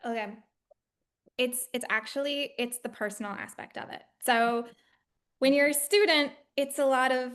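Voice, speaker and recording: Sex: woman. Role: producer on a panel. Style: Q&A advice, candid and joking. Pitch: high. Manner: animated, acts out quotes. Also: normal speed, clear, resonant tone. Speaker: animation producer answering student questions.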